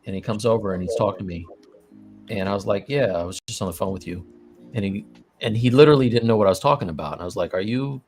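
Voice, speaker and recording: A man co-hosting a live art stream, chatting casually and telling a rambling, animated story. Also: lowish voice, quick pace, faint music behind. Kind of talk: casual chat while sculpting.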